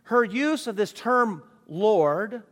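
A man's voice: sits high, animated, takes it slowly. A man preaching a sermon with emphatic rhetorical questions. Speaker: pastor. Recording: long reverb of a large hall.

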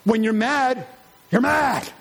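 Animated preacher, husky high voice. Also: male voice, slow pace. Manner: animated, with high mocking voices for quoted arguments. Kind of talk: sermon.

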